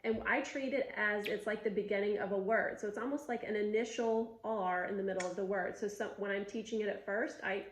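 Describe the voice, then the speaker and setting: A patient woman teacher coaches speech sounds in short cues and slow, drawn-out demonstrations. Her mid-range voice carries a noticeable room echo. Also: medium pitch, fairly even intonation. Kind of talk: instructional demonstration. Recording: roomy echo.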